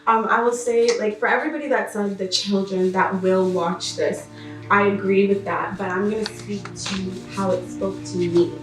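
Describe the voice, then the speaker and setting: A woman's voice: mid-range voice, fairly even intonation, normal speed. A young woman speaking earnestly and reflectively as a guest in a casual group chat. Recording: roomy room from a distant mic, music behind.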